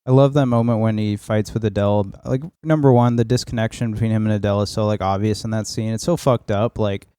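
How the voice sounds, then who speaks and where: A man with a warm, mellow voice walks through film scenes in a rambling, casual style as a podcast co-host, swearing now and then. The recording is dry and close. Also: lowish voice, fairly even intonation, fast talker, hardly any pauses, clear, resonant tone, dry recording. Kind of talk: casual film review chat.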